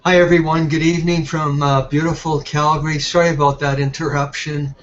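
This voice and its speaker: A man's voice: a little high, flat delivery, fairly quick. A man with an Irish accent giving a friendly, rambling talk full of fillers on a webinar. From Ireland. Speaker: presenter on a webinar. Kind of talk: casual talk. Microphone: computer mic on a web call. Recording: dull web call audio with faint noise.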